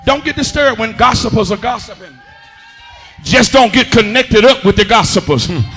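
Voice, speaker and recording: A male pastor delivers a sermon in a church, his voice pitched very high and ringing bright. He shouts and half-sings his phrases in a rising preaching cadence and keeps calling on the congregation to respond. Faint music plays underneath. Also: lively intonation, moderate pace. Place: church sanctuary.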